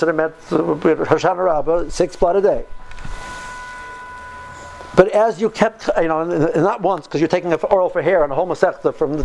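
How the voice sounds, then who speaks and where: A man's voice: on the high side, vocal fry, a little mellow, slight background noise, rough recording. A man in his fifties telling stories in a casual talk, earnest and driving his points home by repeating phrases. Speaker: speaker recounting yeshiva study.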